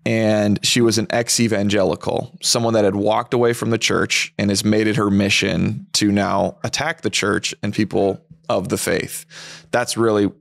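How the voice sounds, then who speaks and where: A man's voice: lowish voice, steady tone, gravelly, dry recording, studio quality. A man hosting a faith podcast, chatting in a reflective, conversational way. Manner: conversational, reflective, quick back-channel replies. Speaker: podcast host. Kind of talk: casual chat.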